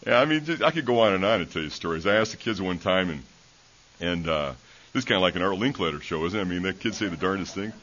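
This man, a preacher and schoolteacher, has a lowish, fairly bright voice. He preaches a sermon in a church, storytelling in a folksy way with many fillers and restarts, captured in a dull lo-fi recording.

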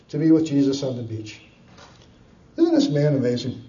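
A man preaching a sermon, retelling scripture with lively storytelling, chuckles and frequent fillers. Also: fairly high pitch, moderate pace. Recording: distant, dull, echoey room.

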